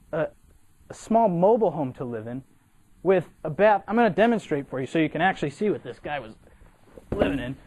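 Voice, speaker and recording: A young man from Massachusetts, a cadet, giving an animated, humorous storytelling speech for a competition and acting out the people in his story. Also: sits high. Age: young adult.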